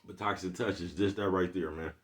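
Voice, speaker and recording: A man's voice: deep voice, fairly even intonation, brisk. A man ranting casually on a livestream in streetwise slang, who keeps asking his viewers if they follow him. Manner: streetwise slang, keeps asking "you know what I'm talking about". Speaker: livestream vlogger.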